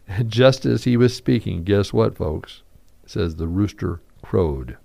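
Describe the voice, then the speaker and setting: A man preaching a radio devotional, reading scripture aloud and acting out the quotes with animated emphasis. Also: lowish voice, measured pace, creaky. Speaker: radio pastor.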